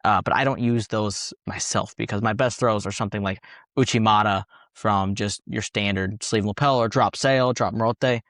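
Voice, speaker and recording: A man's voice: fairly low pitch, fairly even intonation, moderate pace, fairly bright tone, no room sound, studio quality. A young man from Texas, a fighter and coach, talking casually in an interview, laid-back and technical, often laughing.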